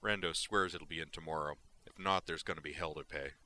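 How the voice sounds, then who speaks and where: A man's voice: extremely low pitch, steady tone, brisk, bright, forceful tone, full character voice. A man doing a foul-mouthed, hot-headed mercenary. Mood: grumbling. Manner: swearing, raised and impatient. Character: hot-tempered male mercenary squad leader.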